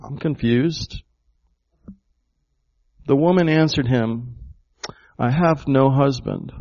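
A man's voice: medium pitch, unhurried. Emphatic preacher man, lo-fi sound. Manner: emphatic, rhetorical questions to the congregation. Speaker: pastor. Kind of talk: sermon.

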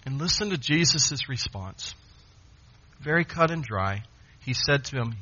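A man preaching a sermon, emphatic, with dramatic pauses. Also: mid-range voice, lively intonation, pushed and bright, husky, dull audio.

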